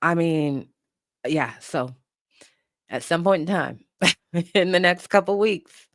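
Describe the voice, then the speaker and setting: A livestream host telling a story in a casual, lively way, swearing and laughing along the way. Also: medium pitch, takes it slowly, no room sound, clean studio sound.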